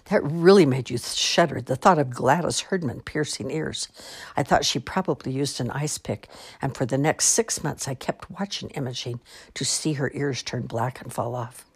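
Husky-voiced woman reading a story aloud. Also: rumbling low, moderate pace. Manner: expressive, wry storytelling. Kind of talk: reading a children's novel aloud.

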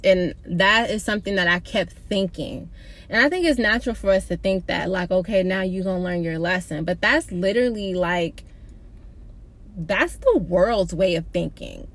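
Young woman, casual faith vlog, rambling, candid, addresses viewers directly, mid pitch. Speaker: vlogger sharing a personal faith story.

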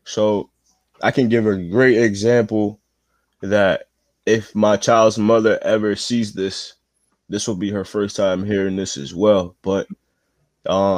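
A man's voice: fairly low pitch, darkish tone, no room sound. A man, a father, chatting as a podcast guest, earnestly telling stories about his son. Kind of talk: casual chat.

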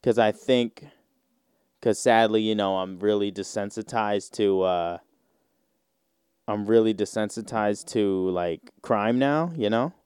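A man's voice: fairly low pitch, slow pace, darkish tone, clean tone, no room sound, studio quality. A man hosting a solo podcast, rambling in casual slang with lots of fillers. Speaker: podcast host.

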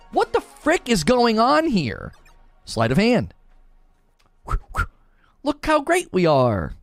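Man, streamer doing heated commentary; sarcastic, lively swoops in pitch, slightly high voice, soft music bed. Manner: indignant, sarcastic, mocks others in hushed put-on voices. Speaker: streamer commenting on industry news.

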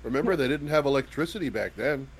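A man's voice: medium pitch, lively intonation, fast. A man in casual group chat making dry wisecracks.

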